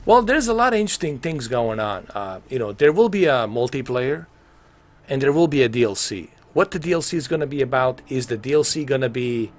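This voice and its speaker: Male streamer, mid pitch, lively swings, excitable rambling chat with casual swearing. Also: brisk. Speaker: gaming live streamer. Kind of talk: casual live-stream commentary.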